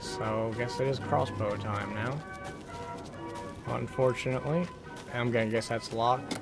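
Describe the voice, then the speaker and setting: A man's voice: medium pitch, steady tone, unhurried, creaky, music in the background. A man casually commenting while playing a game, swearing often and reading notes aloud in put-on voices. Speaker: gameplay streamer. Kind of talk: casual let's-play commentary.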